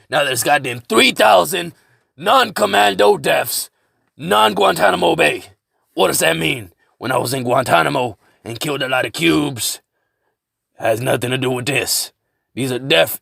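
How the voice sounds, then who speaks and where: A man voicing a crazed older male war veteran who rants, curses and shouts from his bunker. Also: a little high, vocal fry, no echo, clean studio sound, voice pushed up, full character voice. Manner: ranting, cursing, shouting.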